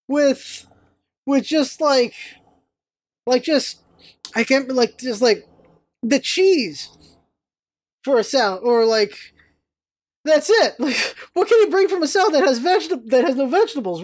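A woman hosting a casual vlog, telling stories in an animated, rambling way with exclamations and some swearing. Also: sits high, unhurried, long pauses. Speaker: vlog host.

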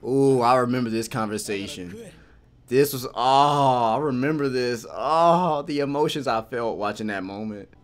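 A man giving excitable, casual reaction commentary while watching an anime, cheering and laughing often. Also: medium pitch, moderate pace.

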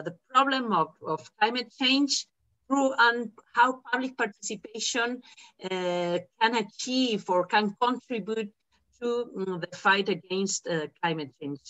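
A woman introducing a guest speaker as moderator, halting and full of fillers. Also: medium pitch, fairly bright tone, dry recording, rough recording. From Spain.

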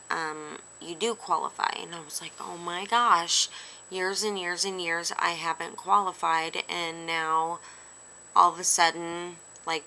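A woman's voice: low-pitched, creaky, sharp tone, slight background noise, poor audio. A woman recording a personal video diary at home, teary and rambling with lots of fillers, speaking straight to her camera. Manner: tearful, rambling with many fillers. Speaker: daily video diarist. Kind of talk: emotional personal vlog.

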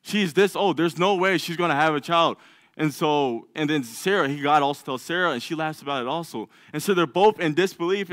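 A man's voice: on the high side, a bit bright, no echo, clean studio sound. Fervent male lay preacher in a church. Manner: acts out biblical figures' doubts in a raised voice; reads scripture aloud, with some stumbles. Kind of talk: sermon.

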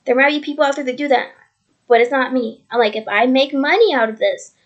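A woman's voice: high voice, fast talker, dull audio. A woman vlogging at home on her computer, talking earnestly and rambling, repeating herself as she shares her faith. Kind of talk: casual faith testimony vlog. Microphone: computer mic.

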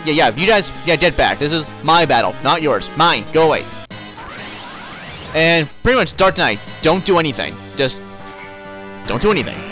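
A man's voice: fairly high pitch, expressive, normal speed, long pauses, sharp tone, faint music behind. A man commenting on his gameplay, joking and sarcastic, talking back to the characters on screen. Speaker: let's play host.

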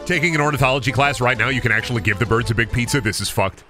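A man's voice: mid-range voice, rapid-fire, over music. A young man streaming a video game, chatting casually, goofing around and swearing often. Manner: goofy, swears a lot, does silly voices and noises. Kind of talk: casual gaming stream chat.

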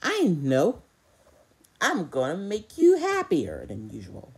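A woman voicing a strong, proud male koala in a homemade stuffed-animal story, with a bright, excited delivery and a very lively pitch. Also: slow pace, vocal fry, slightly rough, exaggerated voice. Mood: kind.

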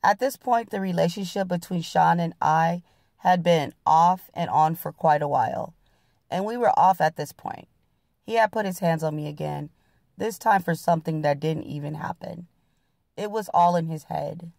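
Woman reading a book aloud, blunt and plain-spoken, low gravelly voice, dark tone. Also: moderate pace, no echo, clean studio sound. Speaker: narrator reading a memoir.

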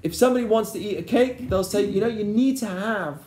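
A rabbi with a high voice leads a lesson. He keeps checking whether the class is following him, and his voice echoes around a roomy space. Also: a little fast, a little mellow. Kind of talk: interactive Torah lesson. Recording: echoey room.

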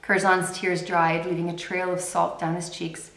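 Brief: female reader, measured dramatic read-aloud, lowish voice, roomy room sound. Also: flat delivery, vocal fry, fairly bright tone. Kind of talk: reading a novel aloud. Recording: roomy echo.

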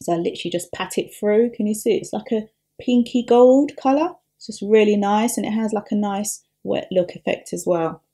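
A woman's voice: mid-range voice, normal speed, mellow. A woman makeup artist talking through a tutorial step by step in a chatty, upbeat way.

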